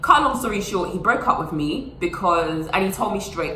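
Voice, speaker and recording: A woman's voice: fairly low pitch, expressive, fairly quick, hardly any pauses, a bit bright, echoey room, slight background noise, low-quality recording. A young woman telling a personal story to her phone camera in a casual, chatty way, full of fillers and acted-out quotes. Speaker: vlogger.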